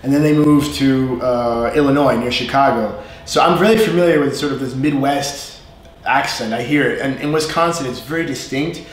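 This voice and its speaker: A man with a New York accent teaching a relaxed live English lesson, chatty and animated, often mimicking regional accents. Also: mid-range voice, moderate pace. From USA. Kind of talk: live-streamed casual lesson. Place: language school classroom. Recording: very echoey room, faint noise.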